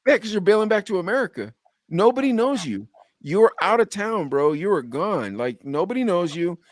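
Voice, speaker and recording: A young adult man hosting a podcast, telling a story with animated quoted dialogue in casual chat. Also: high-pitched, moderate pace, no room sound, clean studio sound. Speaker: podcast host.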